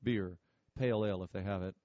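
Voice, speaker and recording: A man's voice: deep voice, fairly even intonation, fast talker, warm tone, no room sound, lo-fi sound, close to an everyday voice. A man voicing an earnest, confident young farmer who speaks politely and with determination.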